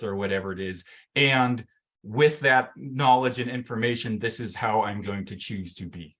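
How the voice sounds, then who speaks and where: Casual, animated male coach on a call. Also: mid-range voice, brisk. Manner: casual and animated, acts out inner voices, many fillers. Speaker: mental fitness coach. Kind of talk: teaching a workshop session on a video call.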